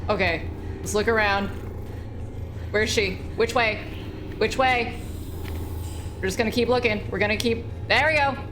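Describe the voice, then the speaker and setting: A woman's voice: mid-range voice, steady tone, unhurried, pauses often, a bit bright, a little hiss or hum. Foul-mouthed woman streaming a horror game. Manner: exclamatory, swears, talks back at the game. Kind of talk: live gameplay commentary.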